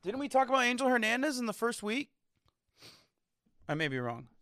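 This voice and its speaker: A man's voice: very high voice, big pitch swings, fairly quick, pushed and bright, no echo. Young male sports podcast co-host, blunt and profane, recorded dry. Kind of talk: casual sports chat.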